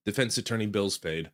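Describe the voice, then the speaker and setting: A man chatting casually on a game livestream, rambling and joking at his own expense while greeting viewers. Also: fairly low pitch. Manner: rambling, jokey and self-deprecating, greets chat. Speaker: game streamer.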